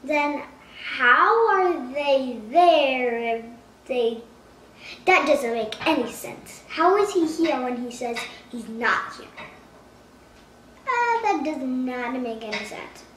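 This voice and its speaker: A woman's voice: sits high, animated, slow, fairly bright tone, distant mic, a little hiss or hum. A woman hosting a comedic spoof vlog at home, talking in a playful, mock-dramatic way with exaggerated gasps and alarm. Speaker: vlogger. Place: at home indoors. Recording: echoey room, voice from off-mic.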